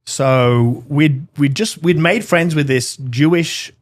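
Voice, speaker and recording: A middle-aged man from Britain, a guest in an interview, telling a personal story in an earnest, animated way and acting out the dialogue in it. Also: a little high, slow pace.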